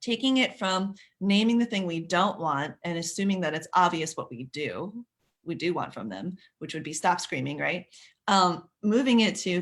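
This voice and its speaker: A woman's voice: on the low side, animated, normal speed. A woman leading a live parenting workshop who chats with viewers by name, often restarting her sentences. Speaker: parenting coach.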